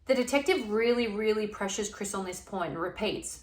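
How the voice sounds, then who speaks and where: A woman's voice: mid-range voice, fairly quick, hardly any pauses. A woman telling a true crime case in a casual, conversational way. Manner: chatty, retells exchanges in plain conversational speech. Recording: echoey room.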